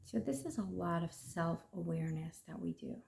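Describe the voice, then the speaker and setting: A woman, an emotions coach, talking people through their feelings in a gentle, reflective way, asking rhetorical questions and at times sinking to a whisper. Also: on the low side, moderate pace, gravelly, a little hiss or hum.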